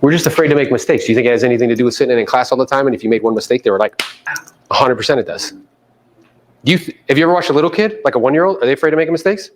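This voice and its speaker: A man coaching a live audience in a meeting room, animated and casual, sometimes coarse, often acting out other people's voices. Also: mid-range voice, rapid-fire. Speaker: real estate coach. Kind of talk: live seminar talk to an audience.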